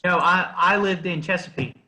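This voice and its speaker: High, bright man chatting on a call. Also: normal speed, low-quality recording. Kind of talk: casual group chat. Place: video call.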